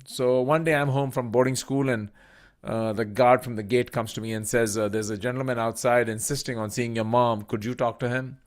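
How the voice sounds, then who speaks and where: A man's voice: mid-range voice, steady tone, moderate pace. A middle-aged man from India telling a personal story in a talk as a professor and author. He tells it vividly, acts out the voices he quotes and leans on plenty of fillers. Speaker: business school professor and author.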